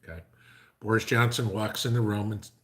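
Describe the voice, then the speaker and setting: The livestream host here has a lowish, fairly bright voice and keeps a steady tone at normal speed. He rambles casually, fills his speech with fillers, and cracks jokes.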